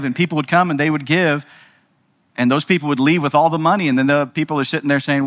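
Conversational preacher in a reverberant hall. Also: male voice, on the high side, steady tone, quick pace, fairly bright tone. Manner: conversational, asks rhetorical questions with frequent "right?". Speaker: pastor. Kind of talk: sermon.

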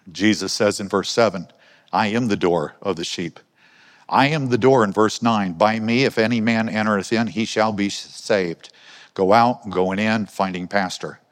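A man preaching a conversational sermon, asking his listeners questions as he talks. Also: lowish voice. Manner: conversational, asks the congregation questions. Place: church hall. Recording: long hall reverb.

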